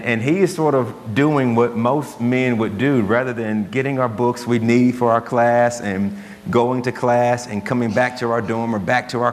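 A man preaching a sermon as pastor, earnest and conversational, telling stories to make his point. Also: medium pitch. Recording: long hall reverb, faint hum.

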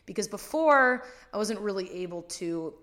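A woman's voice: mid-range voice, lively intonation, moderate pace, fairly bright tone. Candid young woman, podcast chat. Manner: rambling, many fillers of "like"; candid and emotional, swears. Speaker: podcast co-host. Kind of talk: casual chat.

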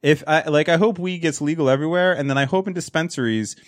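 A man's voice: a little high, fast talker, no echo. Laid-back man with a dry, close sound. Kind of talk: casual chat.

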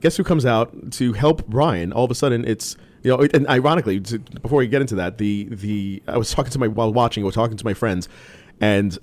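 A man's voice: medium pitch, fast talker, darkish tone. A man co-hosting a casual talk show, rambling with many restarts and fillers. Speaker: podcast co-host. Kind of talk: casual wrestling chat.

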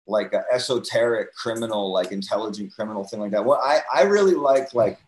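A man telling stories in casual chat, slangy and excitable, heavy on fillers. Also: fairly low pitch, fairly quick. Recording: echoey room.

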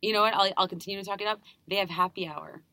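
In this casual interview chat, a young American-accented woman from New York appears as a guest performer, speaking with eager enthusiasm. Her voice sits in the mid range, bright and forceful, with no echo. She rattles on chattily and jumps back to restart phrases fast.

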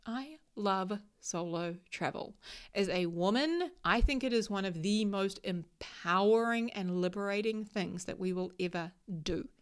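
A woman's voice: medium pitch, a little slow, smooth. A woman in her thirties giving a motivational talk about solo travel, emphatic and coaching, often checking in with "right?".

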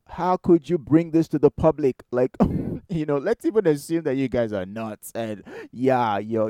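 A man preaching a sermon in a conversational, animated way, firing rhetorical questions at the congregation. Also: medium pitch, dry recording. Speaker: pastor.

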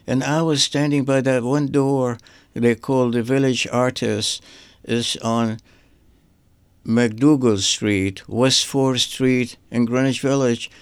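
Older man with a gravelly, flat voice. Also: mid-range voice, no echo. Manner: halting, repeats words while searching for them. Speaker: artist guest. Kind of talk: rambling personal reminiscence.

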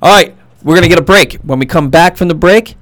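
A man's voice: a little high, fast talker, fairly bright tone, no echo. A man hosting a sports podcast from a studio, casual and loose with frequent restarts. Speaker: podcast host.

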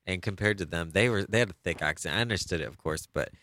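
American man, very deep voice, bright edge, casual chat, rambling with ums. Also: fast. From United States. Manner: relaxed, rambling with frequent ums.

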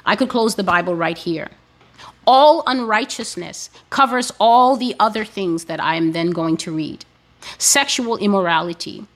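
A woman giving a sermon-style teaching, speaking in a slow, emphatic and deliberate way. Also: medium pitch, lively intonation. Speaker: preacher.

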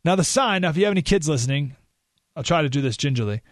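A man hosting a talk radio show, telling a story in an animated way and jumping his voice up when he acts out what people said. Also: a little high, fast talker, no room sound, studio quality.

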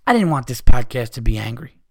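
A man's voice: medium pitch, animated, a little fast. A man hosting a podcast, ranting heatedly with lots of swearing. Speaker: podcast host.

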